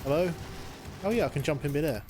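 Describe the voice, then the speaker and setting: A man's voice: on the high side, lively intonation, fast talker, over music. A man streaming a shooter game live, rambling and joking, talking to the enemies on screen. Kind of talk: live gameplay commentary.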